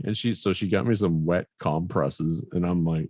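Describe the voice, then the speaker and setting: A man from Canada co-hosting a podcast, telling a story in a casual, animated way and laughing often. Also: low voice, moderate pace, no room sound, studio quality. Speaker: podcast co-host.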